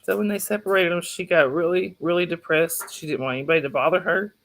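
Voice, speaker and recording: Southern woman host, low gravelly voice, chatty, laughs easily, phone mic at home. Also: fast talker. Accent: Southern US (North Georgia). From North Georgia, USA. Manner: chatty, laughs often, talks to her pets and child. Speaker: livestream host. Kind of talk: casual chat.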